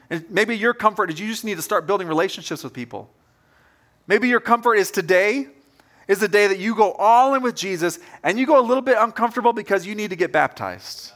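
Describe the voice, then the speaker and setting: A man's voice: sits high, fairly quick, fairly bright tone. A male pastor giving a conversational sermon to his congregation, telling stories and speaking directly to them. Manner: casual, anecdotal, direct address to congregation. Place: church service.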